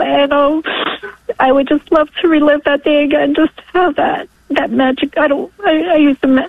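Caller, woman in her 40s, high voice, thin phone-line sound, halting and emotional. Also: dry recording. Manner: emotional, halting, sometimes tearful. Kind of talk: call-in radio testimony. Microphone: telephone. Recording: dry tinny phone line.

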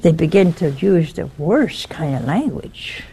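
The woman's voice is low, creaky and warm, a little slow, with lively intonation and a slightly rough quality. Speaking informally about religion on a broadcast network, she offers an earnest warning and narrates a story step by step.

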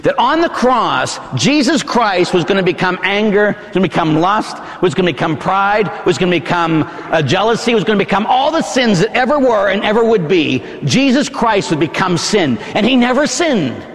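A man, a Catholic priest, preaching a dramatic sermon that swings from hushed to shouting, in a church. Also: sits high, expressive, normal speed, few pauses, long reverb tail.

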